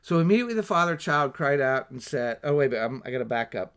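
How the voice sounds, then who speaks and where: Lively, animated male preacher. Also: mid-range voice, fast, hardly any pauses. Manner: animated, with asides and rhetorical questions. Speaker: pastor. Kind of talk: livestreamed Bible teaching sermon.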